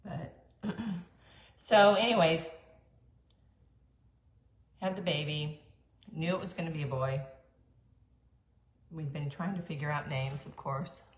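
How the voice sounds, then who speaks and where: A middle-aged woman telling her life story in a chatty monologue, with fillers, throat-clearing and quick asides. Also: low voice. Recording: echoey room, faint background hum.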